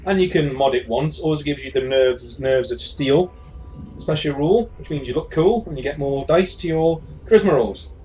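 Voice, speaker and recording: A man running a tabletop role-playing session as game master, relaxed and halting, often restarting his sentences. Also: a little high, a little hiss or hum. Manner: relaxed, halting, frequent restarts and clears throat.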